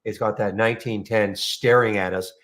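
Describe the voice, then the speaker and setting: A man's voice: fairly low pitch, fairly even intonation, normal speed, a bit bright. Chatty man hosting a live trading room. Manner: chatty, rambling, self-correcting.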